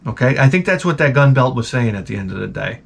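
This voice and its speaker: A gravelly, breathy-edged male voice of medium pitch moves quickly with lively intonation. He runs his own channel, ranting casually through rambling, profane funny stories and breaking off mid-thought.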